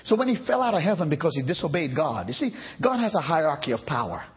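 Pastor guy preaching loud in church, husky high voice swinging all over, kinda dull lo-fi sound. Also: very animated, quick pace. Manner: fiery, shouting preaching with call-and-response. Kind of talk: sermon. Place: church sanctuary.

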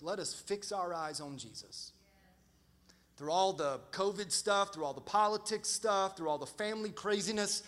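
A middle-aged man preaching a sermon as pastor, telling lively stories and acting out quotes with big swings in loudness. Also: sits high, long reverb tail.

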